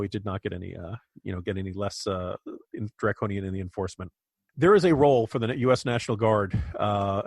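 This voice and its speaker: A man's voice: on the low side, no echo, studio quality. An American man co-hosting a political podcast, speaking emphatically and indignantly with frequent restarts. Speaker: podcast co-host. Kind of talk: political commentary.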